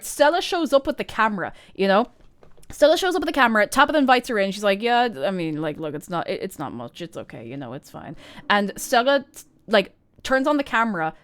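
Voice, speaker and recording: A woman streaming a video game, spinning rambling, excited jokey stories. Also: high voice. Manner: excited, rambling, laughing asides.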